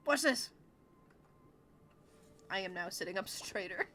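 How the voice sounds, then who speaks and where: A woman's voice: medium pitch, animated, unhurried, pushed and bright, a little hiss or hum. A woman streamer giving casual gameplay commentary, chatty and giggly with sudden exclamations.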